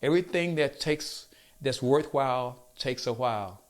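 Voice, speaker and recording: A man giving an earnest motivational talk, slowing down to stress his points and coaxing his listeners along. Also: mid-range voice. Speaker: motivational speaker.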